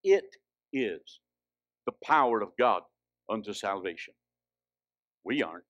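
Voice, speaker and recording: A man preaching a sermon, swinging from hushed, drawn-out lines to loud, high exhortation. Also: expressive, no echo, dull audio.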